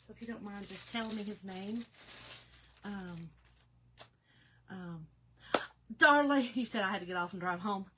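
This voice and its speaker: A woman's voice: medium pitch, unhurried, pauses often, noisy background. A woman with a slightly nasal voice, chatting casually on a craft livestream and greeting viewers. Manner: chatty, emotional, reads viewer comments aloud.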